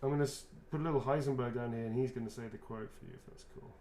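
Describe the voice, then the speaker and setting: A man's voice: medium pitch, fairly even intonation, very fast, background noise. A man, a voice actor, chatting loosely while signing autographs and answering fan questions, often restarting his sentences. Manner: rambling, self-correcting, chatty.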